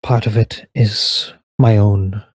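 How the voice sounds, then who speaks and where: Brief: man playing a gentle, regretful elf lady, formal, slow, low-voiced, dry sound. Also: fairly even intonation, breathy edge, no echo. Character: wise serene elf woman, gentle and regretful.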